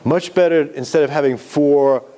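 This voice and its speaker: A man's voice: on the high side, moderate pace, dark tone. A man giving a live classroom lecture on writing, explaining step by step with examples.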